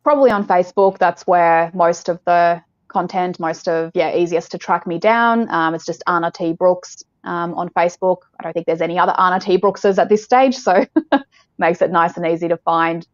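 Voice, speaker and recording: Woman from Australia, lowish voice, relaxed interview guest, dull call audio. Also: moderate pace, no room sound. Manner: relaxed, laughs easily, trails off. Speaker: guest coach. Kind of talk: interview chat.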